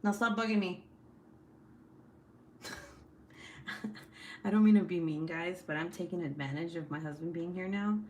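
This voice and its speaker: A woman's voice: fairly low pitch, moderate pace, long pauses, a little mellow, slight background noise. A young adult woman hosting a casual livestream from home, chatting while reading comments, laughing often and swearing freely. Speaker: livestream host. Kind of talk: casual live-stream chat reading comments.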